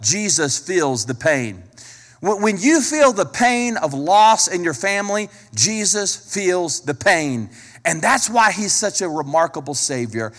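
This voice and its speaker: Male pastor, sermon, high voice, emphatic and repetitive, long reverb of a big church hall. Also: a bit bright. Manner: emphatic, repeats key phrases, direct questions to listeners.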